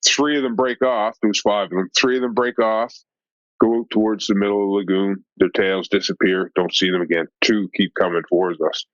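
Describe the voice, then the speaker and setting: A man who works as a fishing guide, telling a story in a casual podcast chat. He is animated and acts out the dialogue, with a lot of "like" and "right?". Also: lowish voice, brisk, no echo. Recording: dull lo-fi dry sound.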